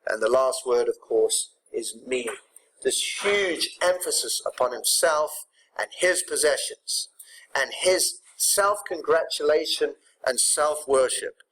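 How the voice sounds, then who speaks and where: A man teaching English poetry to his students, explaining the poems briskly and checking in with tag questions. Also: on the high side, a bit bright, slight background noise, rough recording. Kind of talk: recorded poetry lesson.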